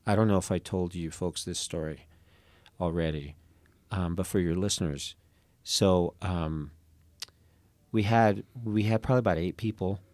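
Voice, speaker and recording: A man who is a podcast guest and comedic performer, telling an anecdote in an animated way, often restarting phrases and laughing as he goes. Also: low-pitched, moderate pace, long pauses, no room sound.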